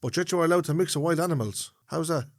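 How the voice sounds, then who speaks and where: A man's voice: a little high, fast talker, dry recording, studio quality. A man of about fifty with an Irish accent, co-hosting a casual podcast chat and speaking about faith with earnest conviction. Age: 50s. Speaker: podcast co-host.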